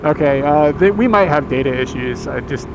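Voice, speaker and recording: An American man in his thirties livestreams from inside a moving car, chatting with his viewers in a rambling, laid-back way. His voice is a little high and expressive at a moderate pace, with background noise present.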